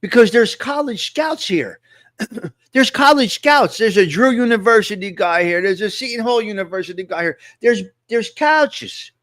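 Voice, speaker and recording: Guy hosting a chat stream, kinda high voice, dry close sound, repeats himself a lot. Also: animated, moderate pace, fairly bright tone, no echo. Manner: talks to chat viewers, repeats phrases emphatically. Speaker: host. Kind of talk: casual live-stream chat.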